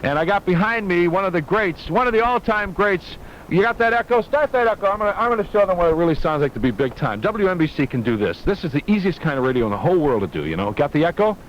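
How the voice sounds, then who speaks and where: Wisecracking 1970s disc jockey. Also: male voice, sits high, big pitch swings, fast talker. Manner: wisecracking, rambling, joking with the engineer. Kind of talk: 1970s radio aircheck. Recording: dull 1970s radio aircheck with faint hiss.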